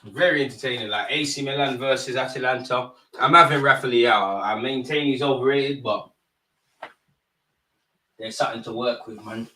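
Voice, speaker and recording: A man's voice: medium pitch, fairly bright tone, dry recording. A man hosting a live football watch-along, talking in a casual, opinionated, rambling way full of slang. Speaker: football fan channel host.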